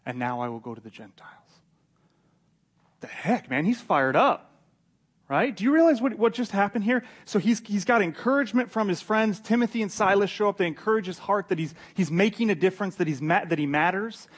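A male pastor preaches in a lively, conversational way, telling the story with energy and informal asides. His voice sits a little high for a man. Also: fairly quick. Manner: animated storytelling, casual and conversational. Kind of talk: sermon.

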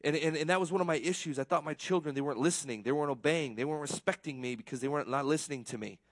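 A man's voice: on the high side, racing, no room sound. Earnest man preaching, dry close sound. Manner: earnest, self-deprecating, repeats words when worked up. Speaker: pastor. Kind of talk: conversational sermon.

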